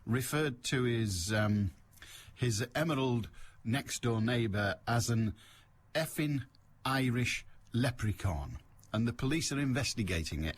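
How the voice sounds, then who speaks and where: A man's voice: medium pitch, slight background noise. A man hosting a radio phone-in show, chatting in a wry, rambling, self-mocking way. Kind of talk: casual chat on air. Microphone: studio mic.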